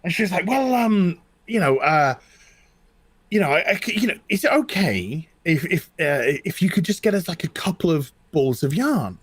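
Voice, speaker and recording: With a husky, fairly high voice at normal speed and no echo, this middle-aged British co-host tells personal stories in casual conversation. He's animated, restarting a lot and repeating himself.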